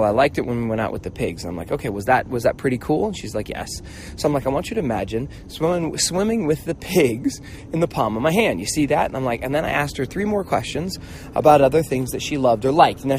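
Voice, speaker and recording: Middle-aged guy doing a casual motivational talk, kinda high voice, acts out his stories, faint hiss behind. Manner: animated storytelling, acting out voices; casual, swears now and then. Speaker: host, mentor.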